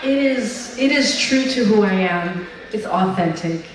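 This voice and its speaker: A woman speaking as the featured guest at an event, telling stories in a lively, chatty way. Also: mid-range voice, a little slow, slight background noise. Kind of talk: speech and onstage Q&A. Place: large event hall at a brunch. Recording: echoey hall, mic picked up from a distance.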